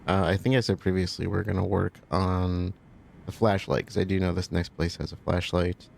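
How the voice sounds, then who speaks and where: Casting: male let's-play host, low gravelly voice, easygoing, thinks aloud while playing. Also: moderate pace, a little hiss or hum. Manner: relaxed, thinking aloud, chatty asides. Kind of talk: casual gameplay commentary.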